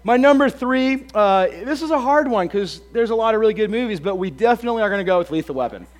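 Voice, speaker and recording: Pastor guy a bit hoarse, chatty jokey sermon, kinda high voice, lots of uhs. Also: animated, fast talker. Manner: chatty, joking, many ums and uhs. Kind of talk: casual sermon with jokes.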